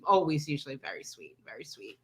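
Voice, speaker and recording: Bright-voiced agreeable woman co-host. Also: low voice, very animated, quick pace. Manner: warm, agreeable chatter with many fillers. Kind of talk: casual chat.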